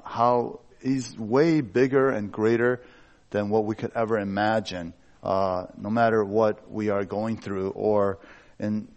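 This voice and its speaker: A middle-aged man, a pastor, giving a conversational sermon in a candid, personal way and joking about himself. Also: on the low side.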